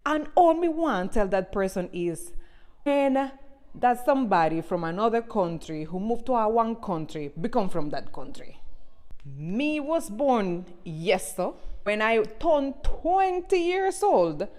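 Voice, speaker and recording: A Cuban woman in her forties, a TikTok creator, ranting in Jamaican patois with a rolled Cuban R, sassy and animated. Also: fairly high pitch, measured pace. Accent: Cuban Spanish mixed with Jamaican patois. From Cuba. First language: Spanish. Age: 40s. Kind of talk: casual direct-to-camera rant.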